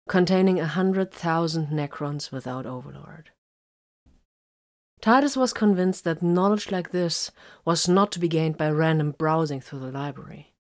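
A woman with a notably low, deep voice reads a science fiction story aloud. Her narration is even and measured, told at a steady storytelling pace. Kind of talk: scripted narration of sci-fi fiction.

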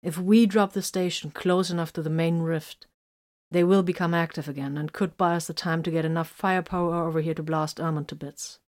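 Brief: a woman reading as a grim, quiet-spoken male space marine psyker, low and clipped, storybook narration. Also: fairly even intonation, a little fast, natural voice. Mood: hushed. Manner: quiet, clipped, then bursts into roaring.

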